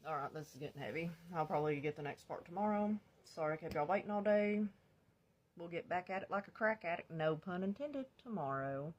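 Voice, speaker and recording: A woman's voice: fairly low pitch, animated, brisk, darkish tone. A woman vlogger telling her own life story in a blunt, confessional storytime, swearing freely. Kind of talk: candid storytime.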